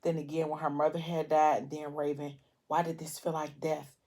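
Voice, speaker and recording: A woman with a notably low voice recaps a novel for her viewers in a loose, chatty vlog. She tells it with feeling and plenty of "um" and "like" as she goes. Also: little pitch movement, moderate pace, warm tone. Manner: chatty, emotional retelling with many fillers. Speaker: book vlogger. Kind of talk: casual book recap while eating.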